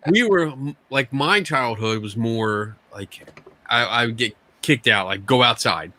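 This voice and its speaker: A man from Philadelphia in casual chat, animated and joking, laughing a lot. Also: medium pitch, measured pace.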